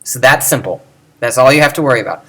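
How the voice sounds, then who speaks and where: A man's voice: medium pitch, lively intonation, quick pace, sharp tone, slightly rough. A man giving a casual lecture, musing aloud and often correcting himself with many ums. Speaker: teacher.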